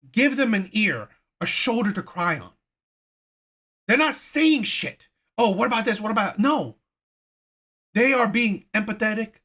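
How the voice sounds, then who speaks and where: A man's voice: high-pitched, bright, forceful tone. A man hosting a reaction channel, ranting heatedly with frequent profanity and repeated phrases. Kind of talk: reaction commentary rant.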